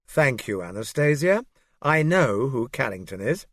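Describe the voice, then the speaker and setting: Guy doing a smug patronizing official, jovial and condescending, middle pitch, dry sound. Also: big pitch swings, a little slow, fairly bright tone, no echo.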